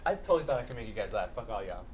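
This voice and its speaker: A man's voice: on the low side, expressive, very fast, a little mellow. A young man co-hosting a casual podcast chat, playfully narrating and acting out scenes. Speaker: podcast co-host.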